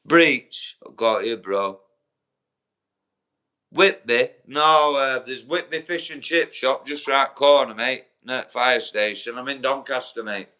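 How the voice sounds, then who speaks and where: A man's voice: medium pitch, slow pace, bright, forceful tone, clear, resonant tone. Blunt sweary Yorkshire man. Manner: blunt, sweary, talks straight to chat viewers by name. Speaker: livestream host. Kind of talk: casual livestream chat.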